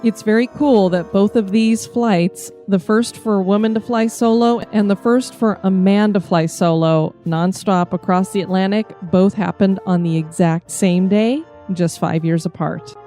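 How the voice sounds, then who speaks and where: A woman co-hosting a podcast, giving a steady, informative scripted history narration. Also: mid-range voice, a little slow, hardly any pauses, faint music behind. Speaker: podcast co-host.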